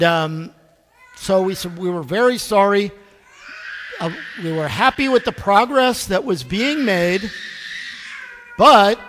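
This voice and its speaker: A middle-aged man preaching a sermon as pastor, telling stories with self-deprecating humor. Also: sits high. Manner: animated anecdotal storytelling, self-deprecating. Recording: long reverb in a church hall.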